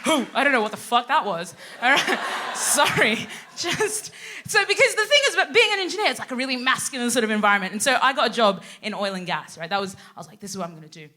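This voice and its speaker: Animated bright-voiced woman doing stand-up. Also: on the high side, quick pace. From Sudan, raised in Australia. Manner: animated, acts out quoted people. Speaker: comedian co-host. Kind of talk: stand-up comedy set. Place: live theatre stage.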